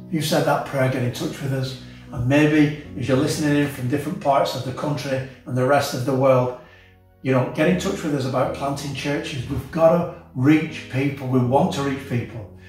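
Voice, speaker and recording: A man preaching a sermon as senior pastor, earnest and impassioned, with soft guitar music behind him. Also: mid-range voice, steady tone, moderate pace. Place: church auditorium. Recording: echoey church hall, mic at a distance.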